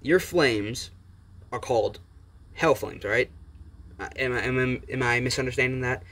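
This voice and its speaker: A man voicing a cocky young male hero with demonic powers, speaking in a slow, taunting way in a fan-made story reading. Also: medium pitch, fairly bright tone.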